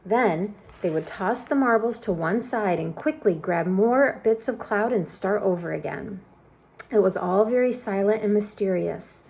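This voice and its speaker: A woman reading a children's book aloud with expressive storytelling narration. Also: mid-range voice, creaky. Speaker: storybook reader.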